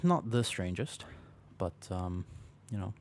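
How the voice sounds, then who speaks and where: A man livestreaming a game, chatting casually and playfully with viewers while keeping his voice quiet to rest a sore throat, close to his desk microphone. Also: deep voice, animated, takes it slowly. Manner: playful, chatty, talks to chat by name. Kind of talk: casual chat while gaming.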